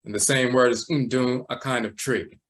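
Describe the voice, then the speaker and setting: A man teaching a livestream lecture, walking slowly through words and terms, repeating them and often tacking on "and so forth.". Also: mid-range voice, fairly even intonation, slight background noise. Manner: measured, repeats terms and says "and so forth" a lot. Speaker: teacher of a spiritual tradition.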